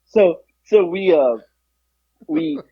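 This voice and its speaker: Lively, husky-voiced man telling a story. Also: very slow, dry recording. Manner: animated, acts out quotes with jumps in pitch. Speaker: podcast co-host. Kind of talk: casual storytelling. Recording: dull lo-fi, dry.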